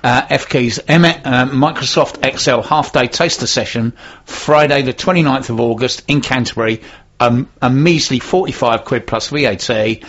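A man co-hosts a casual radio show and reads listener tweets aloud with a dry, joking air. His voice is a little husky. The recording sounds dull and lo-fi. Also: medium pitch, normal speed, a bit bright. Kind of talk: casual local radio chat.

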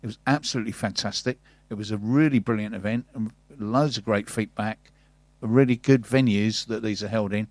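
A man's voice: on the low side, brisk, a little mellow, dry recording. A man hosting a business radio show, chatting and reading out an event plug with upbeat enthusiasm. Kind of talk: casual radio chat and read-out announcements. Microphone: studio mic.

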